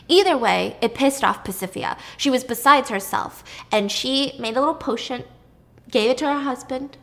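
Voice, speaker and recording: A woman's voice: sits high, normal speed. A woman casually retelling a myth in a chatty, irreverent way, swearing now and then. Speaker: storyteller.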